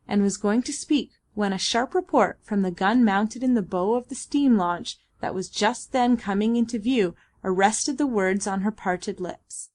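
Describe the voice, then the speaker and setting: A woman giving a steady, even audiobook narration. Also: mid-range voice. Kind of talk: scripted narration.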